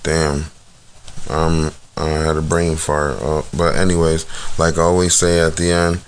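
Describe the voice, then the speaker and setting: A man's voice: rumbling low, completely flat delivery, measured pace, a little hiss or hum. A man hosting a casual podcast, giving blunt, profane, rambling commentary full of fillers and restarts. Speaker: podcast host reviewing rap battles.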